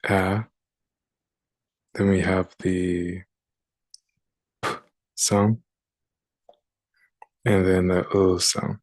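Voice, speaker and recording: Slow, low-voiced man teaching phonics. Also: little pitch movement, darkish tone, no room sound. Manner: slow and deliberate, sounding out words. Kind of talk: phonics lesson.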